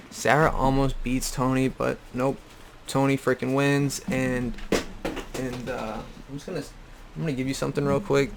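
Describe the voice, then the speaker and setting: Young man, gravelly voice, blunt profane rambling recap, faint hiss behind. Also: medium pitch, a bit bright. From Boston area. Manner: profane, blunt, repeats himself. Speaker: YouTube recap host. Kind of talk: casual rant-style show recap. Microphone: desktop USB microphone.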